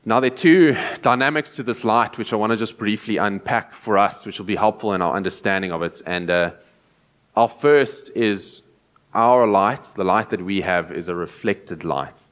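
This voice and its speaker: Low-voiced male preacher. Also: normal speed, fairly bright tone. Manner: earnest, repeats key phrases for emphasis. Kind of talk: sermon.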